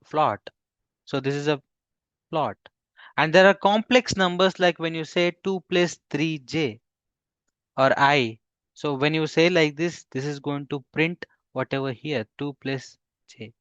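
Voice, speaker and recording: Male instructor, mid-pitched, dry dull lo-fi sound, halting delivery with fillers, quizzes the class. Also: fairly bright tone, no room sound. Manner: halting, with frequent fillers and restarts. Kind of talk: live coding class.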